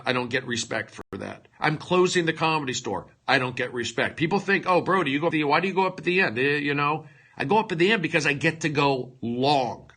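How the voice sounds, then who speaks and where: A male comedian rambling through a livestream monologue, lurching between loud outbursts and hushed mutters, with mock-dramatic, self-mocking asides into a phone. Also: fairly high pitch.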